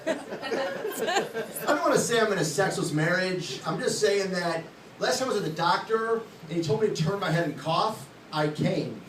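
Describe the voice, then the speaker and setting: A man in his late thirties does stand-up at a club, and his humor is blunt, crude, and self-directed. He talks at a normal speed in an expressive, high-sitting voice, captured by a distant mic in an echoey room with loud background noise.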